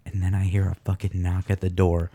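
A young man with a fairly low voice tells a story on a casual podcast. He swears freely and acts out each part of it with energy. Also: a little fast. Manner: profane, animated storyteller. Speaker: podcast co-host.

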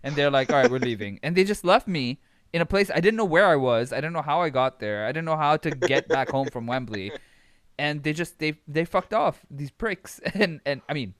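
Animated young man telling a story. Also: on the high side, brisk, no room sound, clean studio sound. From Abu Dhabi. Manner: animated, swearing, laughs while telling stories. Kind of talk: casual storytelling chat.

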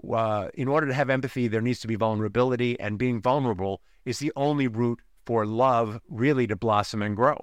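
A man's voice: mid-range voice, a little fast, hardly any pauses, clean tone, no room sound. Dry, close-miked male podcast host. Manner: conversational, often checks in with "right?". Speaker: podcast host and relationship coach. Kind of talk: podcast monologue with personal stories.

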